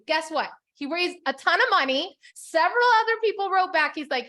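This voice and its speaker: A woman's voice: very high voice, expressive, a little fast, few pauses, pushed and bright. A woman business coach teaching a live group in a chatty, upbeat way, with lots of "like"s and frequent laughs. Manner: chatty, upbeat, filler-heavy with many "like"s.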